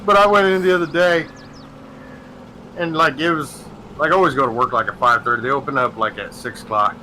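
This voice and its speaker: A man's voice: medium pitch, a little fast, slight background noise, poor audio. A man hosting a gaming stream, telling stories in a profane, ranting casual chat. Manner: ranting, profane, animated storytelling.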